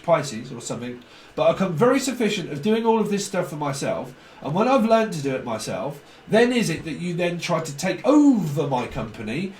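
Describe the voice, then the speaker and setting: Brief: lively high-voiced man, tarot reader, acts out quarrels, roomy distant sound. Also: slight background noise. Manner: animated, acts out both sides of arguments, swears casually. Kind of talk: casual tarot reading monologue. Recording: echoey room, voice off-mic.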